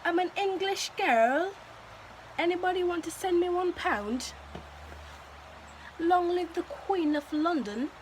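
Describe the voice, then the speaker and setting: A woman's voice: very high-pitched, expressive, slow pace, long pauses, slight background noise, pitched above the performer's own voice, full character voice, low-quality recording. A woman putting on a cheeky mock-posh English girl. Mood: teasing. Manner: exaggerated put-on British accent.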